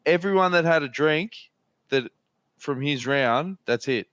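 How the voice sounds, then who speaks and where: A man's voice: fairly high pitch, lively intonation, measured pace, fairly bright tone, no echo. An Australian man hosting a podcast, telling long, rambling stories in casual chat and swearing freely. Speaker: podcast host.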